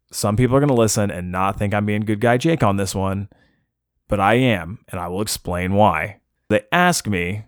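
In a casual podcast chat, a young male co-host with a fairly low voice tells a story, animated and self-mocking. He slips into the voices of the people he quotes, and the sound is dry and close.

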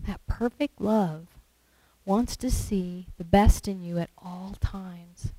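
A woman's voice: medium pitch, slow, warm tone, no room sound, low-quality recording. A woman preaching a sermon in a conversational way, asking the listeners questions and acting out little quotes. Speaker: lay preacher.

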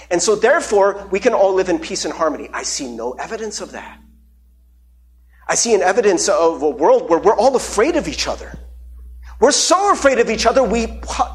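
A young adult male pastor preaching a sermon, earnest and openly emotional, often checking in with "right?". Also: sits high.

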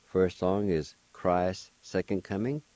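Man, slow patient language lesson, very low voice, mellow, dry close sound. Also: steady tone, no echo. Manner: patient, spells words out letter by letter. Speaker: language teacher and radio host. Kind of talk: slow spelling and pronunciation lesson. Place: radio studio.

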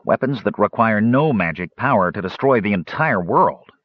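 A man's voice: fairly low pitch, lively intonation, moderate pace, breathy edge, dry recording, muffled recording. A man voicing a gloomy male gnome inventor who speaks in a morose, foreboding way. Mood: ominous.

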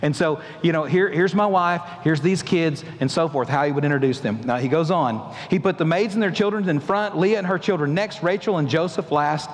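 A man's voice: a little high, brisk, few pauses. A male pastor preaching a sermon, asking the congregation emphatic questions and acting out the voices in a story. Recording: long hall reverb.

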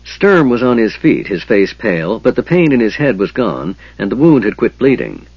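A man narrating a fantasy audiobook with expressive storytelling. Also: on the low side, moderate pace, breathy edge, no echo, lo-fi sound.

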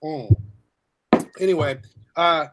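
Joking male co-host, higher voice. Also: slow pace, heavy background noise. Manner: jokey, crude, plugs the show. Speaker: podcast co-host. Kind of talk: casual podcast chat.

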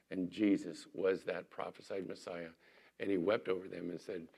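A man with a fairly low-pitched voice delivers a sermon as a pastor. He swings between loud, emphatic lines and soft, hushed asides, and his pitch jumps up on key points. His delivery is animated and pastoral.

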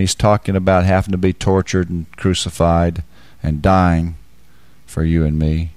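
A man giving a sermon, explaining scripture with homely examples and rising into loud, fervent preaching. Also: steady tone, normal speed, no room sound. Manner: builds to loud, high-pitched fervent preaching. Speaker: Bible teacher.

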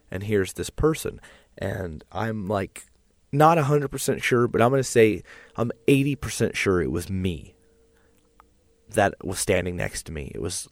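Rambling low-voiced man telling a dream. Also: no echo. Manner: rambling, animated storytelling with fillers. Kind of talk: casual chat, telling a dream.

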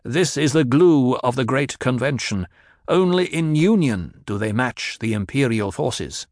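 A man's voice: mid-range voice, expressive, unhurried, darkish tone, dry recording, clean studio sound. A man voicing a cold, commanding young duke.

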